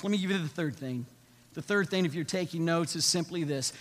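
A man preaching a sermon as pastor, swinging from loud, rapid urging to soft, slow passages. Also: on the high side. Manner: building to loud, fast repeated urgings, then dropping soft and slow. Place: church sanctuary. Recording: long church reverb with soft music.

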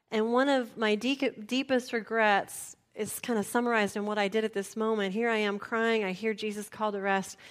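A woman pastor preaches a heartfelt sermon. Her voice sits at an everyday middle pitch. She talks in a confessional way and softens to a near whisper when the story turns tender.

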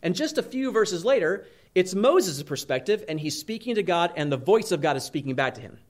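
A man's voice: high-pitched, big pitch swings, brisk. A man preaching a sermon in a conversational way, often asking his listeners "right?" as he explains Scripture. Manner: conversational preaching, frequent "right?" tag questions. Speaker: pastor.

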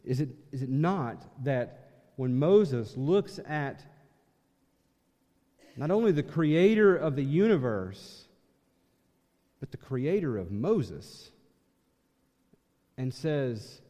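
A man's voice: medium pitch, animated, slow, pauses often. Emphatic male pastor in a reverberant church. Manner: emphatic, swings from loud to hushed. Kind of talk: sermon.

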